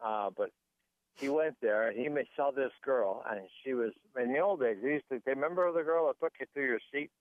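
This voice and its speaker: A man's voice: mid-range voice, brisk, dry recording. Male guest author on a phone line, rambling anecdotal storyteller, very dry sound. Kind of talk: storytelling interview.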